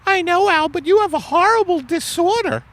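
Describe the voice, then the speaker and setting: A man voicing a pushy middle-aged wife in a high squealing falsetto. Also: fairly quick. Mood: shrill nagging. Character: shrill nagging middle-aged wife Margaret.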